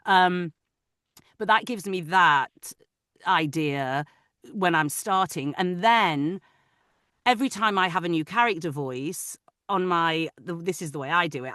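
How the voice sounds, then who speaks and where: Bright-voiced woman narrator chatting. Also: sits low, smooth, dry recording, studio quality. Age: adult, parent of older children. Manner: animated, talkative, many restarts. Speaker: audiobook narrator. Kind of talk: casual interview chat.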